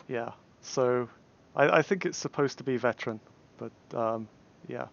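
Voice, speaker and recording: A man's voice: medium pitch, moderate pace, vocal fry, highs cut off. Hesitant English man commentating. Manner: hesitant, many fillers and restarts. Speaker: tournament caster. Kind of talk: casual game commentary.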